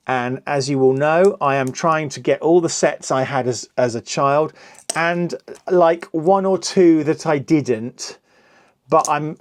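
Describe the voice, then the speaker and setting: A man's voice: mid-range voice, darkish tone, dry recording. A middle-aged man, giving rambling, self-deprecating commentary while building a LEGO set. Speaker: LEGO reviewer host.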